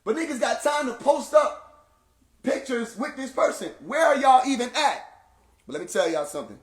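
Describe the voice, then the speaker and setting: Animated high-voiced man venting in echo. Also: moderate pace. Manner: animated, heated and emphatic, with vernacular slang. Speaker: speaker addressing viewers. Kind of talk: casual storytelling rant.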